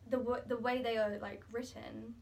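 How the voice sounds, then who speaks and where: A woman's voice: a little high, level tone, moderate pace, gravelly, a little mellow. A young woman in a casual drama class discussion, chatty and articulate, full of "like". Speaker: drama student. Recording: voice from a distance.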